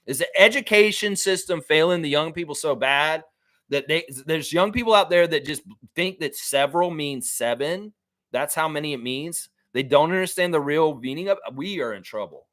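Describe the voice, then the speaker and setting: A man's voice: normal speed, dry recording. A man hosting a basketball fan live stream, chatting casually, reading viewer comments and ranting with the odd swear. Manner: animated, jumps into high-pitched mock voices when quoting people.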